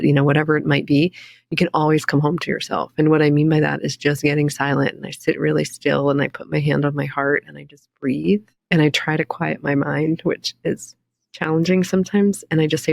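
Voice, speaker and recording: A woman's voice: low-pitched, flat delivery, fairly quick, creaky, dry recording, clean studio sound. A woman in her forties, a recovery coach and podcast guest, speaking earnestly and reflectively in a candid interview. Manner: earnest, reflective, quotes her own inner voice.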